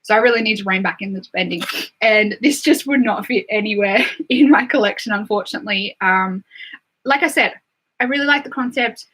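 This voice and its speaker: A woman's voice: mid-range voice, brisk, a bit bright, rough recording. A young Australian woman chatting casually on a live stream, filling her talk with "like" and "um". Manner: chatty, full of "like" and "um" fillers. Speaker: beauty livestreamer.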